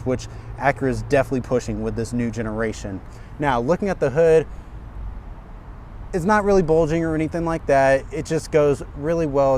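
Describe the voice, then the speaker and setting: A man's voice: mid-range voice, slight background noise. Upbeat man reviewing a car outdoors. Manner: energetic, chatty, addresses viewers as guys. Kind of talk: enthusiastic walkaround car review. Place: outdoors at a car dealership lot.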